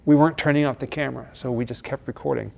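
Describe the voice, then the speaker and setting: A man telling a story in relaxed, chatty conversation. He speaks at an ordinary mid pitch and gets animated, playing out each line of dialogue as he goes. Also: very fast, gravelly. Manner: animated, acts out quoted dialogue. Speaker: co-host of a horror vlog. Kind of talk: casual storytelling chat.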